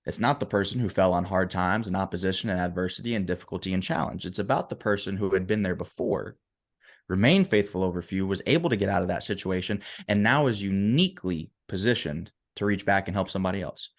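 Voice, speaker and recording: A motivational speaker tells a story as a podcast guest with a low male voice. He is emphatic and keeps checking in with the listener, which keeps the storytelling conversational. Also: fast talker. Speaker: motivational speaker and performance coach.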